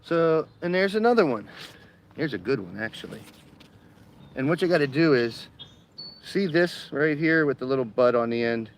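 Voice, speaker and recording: A man chatting casually on a live stream from his home garden, excitable and talkative. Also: mid-range voice, normal speed, pauses often, slight background noise. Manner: excitable, chatty, cheering bees on.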